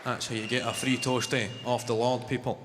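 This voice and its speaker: A man's voice: medium pitch, level tone, a little fast, very noisy. A young man in his twenties with a Glaswegian Scottish accent doing a brash, sweary stand-up routine. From Scotland. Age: 20s. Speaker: stand-up comedian. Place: large arena stage with a laughing crowd. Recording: live arena recording with long reverb and loud crowd.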